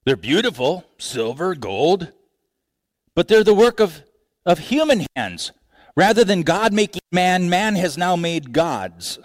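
A male pastor delivering a sermon at an unhurried, deliberate pace. His delivery is expressive, dropping low and quiet, then rising high and emphatic, and he often restarts phrases. The sound is dry and close, with little room echo. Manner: expressive preaching with big pitch swings, repeated restarts.

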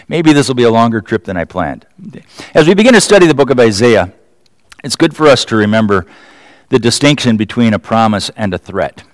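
A man's voice: mid-range voice, very animated, fairly quick, no room sound. A man preaching a sermon in a conversational way, often asking rhetorical questions and chuckling. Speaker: pastor.

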